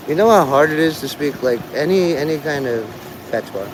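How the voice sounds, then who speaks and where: A man's voice: mid-range voice, expressive, a little fast, noisy background. A man vlogging outdoors in a city street, rambling with sardonic asides. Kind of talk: rambling live street vlog.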